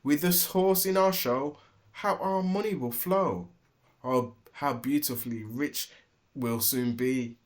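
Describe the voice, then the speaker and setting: A man's voice: medium pitch, slow pace, close to an everyday voice. Storybook thief voiced by a man: greedy, muttering, gleeful, jeering. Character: pair of scheming greedy male robbers.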